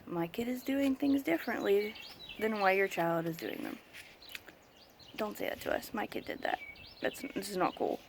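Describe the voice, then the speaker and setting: A young woman ranting in a casual vlog, emphatic and fed up, with a gravelly fry creeping into her mid-pitched voice. Faint outdoor ambience and a few birds sit behind her. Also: expressive, moderate pace, a little hiss or hum. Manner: exasperated, emphatic, mimics other people. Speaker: vlogger, autism parent.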